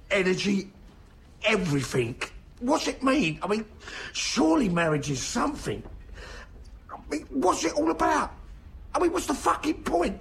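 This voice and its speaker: A man's voice: very high-pitched, vocal fry, a bit bright, slight background noise, pitched above the performer's own voice, heavily acted, poor audio. A man voicing a heartbroken middle-aged husband who rambles and swears in despair. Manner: swearing, rambling, self-pitying.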